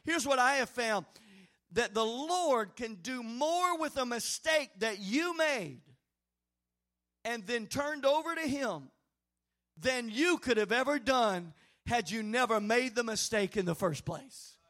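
A man preaching to his congregation in a very high, bright voice. He swings from quiet, conversational asides up to shouted, urgent declarations, and he calls on the room to answer back. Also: expressive, slow pace. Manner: preaching with rising, shouted emphasis and call-and-response. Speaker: pastor. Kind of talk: sermon.

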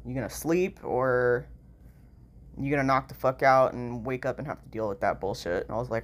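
A woman's voice: rumbling low, normal speed. Tired, nasal woman rambling. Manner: rambling, peppered with "like" and "you know", swears freely. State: tired from lack of sleep. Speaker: vlogger. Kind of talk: casual vlog monologue.

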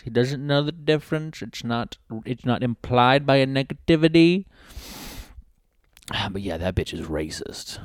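A man riffs alone through a crude comedy monologue, drifting off his point and doubling back. His voice sits on the low side but swings up and down a lot. The sound is dry and close. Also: a little mellow, no room sound. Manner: rambling, crude, loses his train of thought. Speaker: podcast host. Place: his home.

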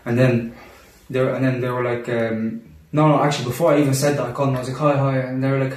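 A young man telling a personal story in casual talk among friends, animated and full of restarts. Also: medium pitch, fast. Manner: animated, acts out quotes, many restarts. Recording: roomy echo, distant mic.

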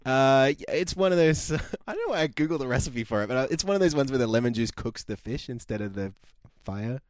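A man's voice: mid-range voice, expressive, fast talker, dry recording, studio quality. A man co-hosting a podcast, recapping a reality show in a rambling, self-amused way with frequent laughs. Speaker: podcast co-host.

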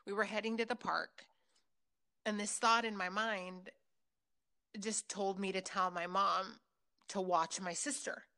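A woman telling personal stories in a loose, casual chat, swearing freely and filling pauses with ums and likes. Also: medium pitch, steady tone, bright, forceful tone. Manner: filler-heavy, with frequent ums and likes.

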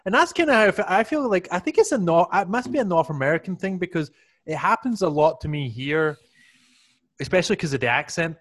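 Man, animated delivery, sweary casual chat. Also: high-pitched. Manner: swears freely, quick comic asides.

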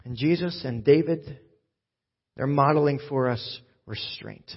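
A pastor preaches in a husky, mid-pitched man's voice. He drops to near a whisper, then builds to loud, urgent appeals. The recording sounds dull and muffled. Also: a little slow. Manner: swings from hushed to loud and urgent. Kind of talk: sermon.

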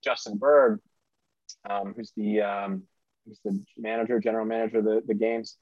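A middle-aged man speaking as a podcast guest, rambling and excitable, with a self-deprecating manner. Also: fairly low pitch, normal speed, no echo, muffled recording. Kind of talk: casual interview talk.

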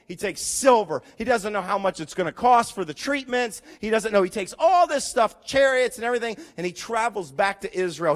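Male pastor, high and very expressive voice, animated sermon storytelling. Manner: animated storytelling, voicing characters, rising to loud emphasis.

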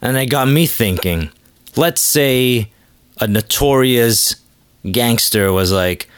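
A man's voice: medium pitch, expressive, slow, clear, resonant tone, dry recording. A man hosting his own comedy podcast, rambling through a crude, self-deprecating monologue into a close mic. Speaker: podcast host.

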